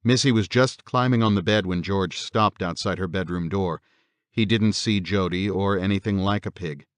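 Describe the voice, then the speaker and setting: A man narrating a horror audiobook in a measured, steady storytelling manner. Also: low voice, no room sound.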